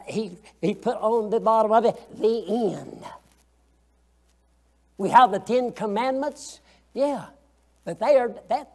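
A man's voice: sits high, mellow. A man teaching a Sunday school lesson, folksy and colloquial, asking the class questions as he goes.

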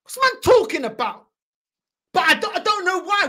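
A heated London man rants in a high, wildly swinging voice, hammering his points with repeated "bro". He sounds like the host of a football fan reaction channel. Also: big pitch swings, fairly quick, sharp tone. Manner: angry, ranting, repetitive "bro".

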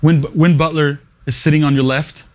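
A man's voice: fairly high pitch, fairly even intonation, fairly quick, a little mellow, slight background noise. Emphatic man with punchy short phrases. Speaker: radio morning show producer. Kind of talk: interview storytelling and career advice.

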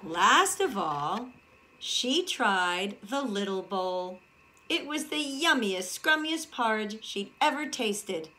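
A woman preschool teacher reading a storybook aloud to young children, animated and asking the children questions as she goes. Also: medium pitch, slow, slight background noise. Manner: animated, addresses the children directly.

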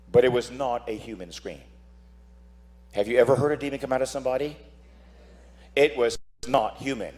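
A man who is a priest, preaching a dramatic sermon, telling stories and acting out voices while asking "Amen?". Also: medium pitch.

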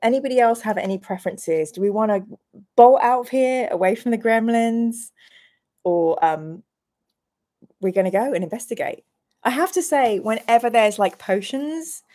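A woman hosting a live-stream playthrough of a gamebook. She reads the room descriptions aloud and chats with viewers in a bubbly, self-deprecating way, with bursts of excited squeals. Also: mid-range voice.

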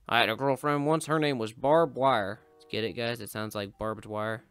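Guy rambling thru a game with dumb jokes, smooth clear voice, dry close mic. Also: mid-range voice, unhurried, fairly bright tone, no room sound, soft background music. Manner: joking, rambling, sudden yelps. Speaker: gaming YouTuber. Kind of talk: casual gameplay commentary.

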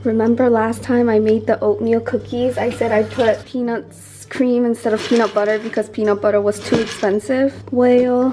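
A woman's voice: on the high side, level tone, normal speed, few pauses, over music. Chatty, giggly young woman vlogging. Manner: chatty and giggly, slips Japanese words into English. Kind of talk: casual vlog chat.

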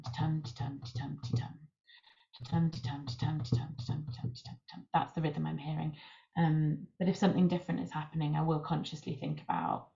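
A woman's voice: sits low, vocal fry, dark tone. A woman author explaining her writing process in a thoughtful, explanatory way. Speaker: author guest. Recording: muffled lo-fi recording.

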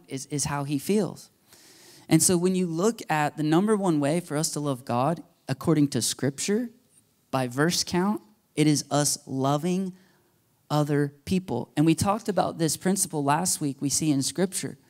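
A male pastor preaching a sermon to his church, animated and jokey, often acting out quoted voices. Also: a little high, normal speed. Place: church sanctuary.

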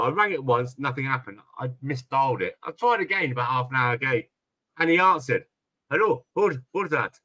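A man's voice: mid-range voice, pushed and bright. A British man hosting a live stream chat, telling stories animatedly and swearing freely. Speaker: streamer host.

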